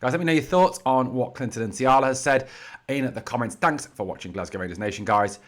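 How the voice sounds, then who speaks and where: A man's voice: mid-range voice, a little fast. A man hosting his own football fan channel, giving heated, blunt solo commentary scattered with "you know".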